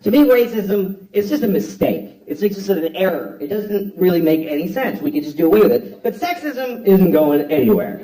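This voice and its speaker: A man's voice: high-pitched, very animated, moderate pace, few pauses, warm tone. A man doing a blunt, profane stand-up comedy routine on a theater stage, acting out voices for a live audience. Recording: echoey hall, distant mic, audience laughter.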